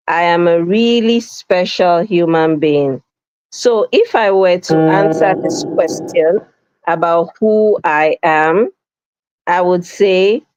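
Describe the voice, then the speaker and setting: A woman leads a live online session at an unhurried, deliberate pace, reading out viewers' comments and answering each with warm affirmations. Her voice sits fairly low, and she repeats phrases to drive them home. The audio is dry and a little dull, like a lo-fi computer mic on a stream. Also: no room sound. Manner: reads viewers' comments aloud and cheers them on. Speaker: session facilitator.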